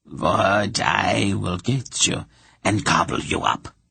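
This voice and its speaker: A reclusive swamp witch, calm and faintly bitter, speaking slowly in a deep, husky voice, as a male audiobook reader puts her on. Her tone stays flat and neutral, with a gravelly edge. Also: dry recording, full character voice. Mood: calm, wry. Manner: measured, strangely neutral, slow.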